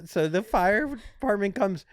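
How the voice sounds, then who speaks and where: A man's voice: sits high, lively intonation, a little slow, dry recording, clean studio sound. A man co-hosting a casual podcast chat, telling a story with jokes, swearing and funny quoted voices. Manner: joking, profane, acts out quotes in funny voices. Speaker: podcast co-host.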